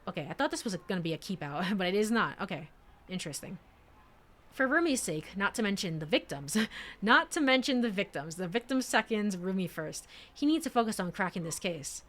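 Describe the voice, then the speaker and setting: A woman's voice: medium pitch, a little fast. A woman streamer narrating a story game and reacting between lines with giggles. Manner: giggly, animated, reads text then reacts. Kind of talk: let's play narration and commentary.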